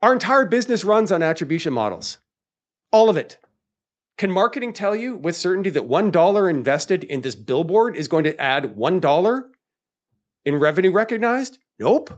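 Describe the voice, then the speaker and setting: A man's voice: high-pitched, big pitch swings, normal speed, dull audio. A man hosting a live webinar, talking in an emphatic, rhetorical way and firing off questions that he answers himself. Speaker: webinar host.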